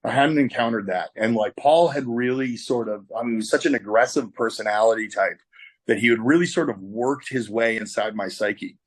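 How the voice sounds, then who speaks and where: A man's voice: mid-range voice, brisk, husky. Candid, profane man telling a story. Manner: candid, profane, lots of fillers. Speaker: tattoo artist guest. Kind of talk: casual storytelling.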